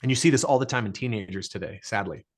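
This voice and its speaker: A man's voice: on the low side, fast talker. A middle-aged man speaking as a podcast guest in an earnest, emphatic way, repeating phrases for effect. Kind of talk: motivational interview talk.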